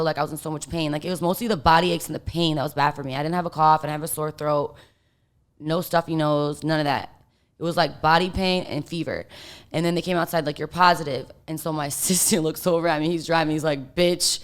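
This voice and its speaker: A woman's voice: sits low, smooth. A woman guest telling a story in casual chat, rambling with lots of fillers and swearing.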